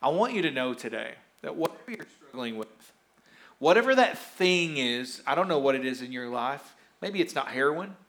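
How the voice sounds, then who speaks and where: A man preaches and interviews members of his church from the stage. He speaks in a steady, middle-pitched voice, conversational and encouraging, slowing down when he reads scripture. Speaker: pastor. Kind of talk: sermon and interview of congregants.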